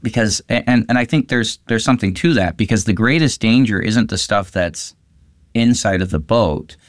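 In a dry, clean studio recording, a pastor with a fairly low voice speaks at normal speed, chatting casually about a Bible passage. He's animated, lifting his voice to act out quotes.

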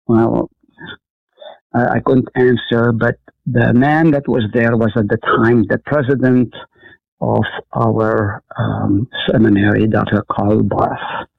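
A man's voice: mid-range voice, little pitch movement, takes it slowly, creaky, dry recording. A man, a pastor and guest, telling his story in a radio interview in an earnest, reflective way with frequent fillers. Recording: tinny phone-line sound, dry.

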